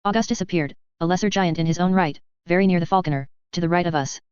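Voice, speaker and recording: A woman narrating a novel in the first person, in a steady, tense storytelling voice. Her voice is very clear and sits a bit low. The recording is close and dry, with a slightly dull, muffled top end. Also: quick pace, no room sound. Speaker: audiobook narrator.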